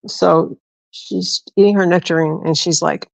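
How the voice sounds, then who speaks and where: A middle-aged woman hosts a livestream, casually telling her viewers a rambling story, swearing freely and often restarting sentences. Her voice is low, steady and gravelly, and she speaks a little slowly. The low-quality recording has no echo.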